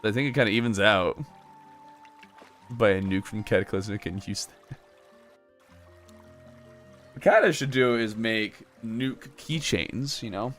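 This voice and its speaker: A man's voice: on the low side, a little slow, pauses often, fairly bright tone, faint music behind. A young man live-streaming a game, chatting casually and joking as he replies to his chat.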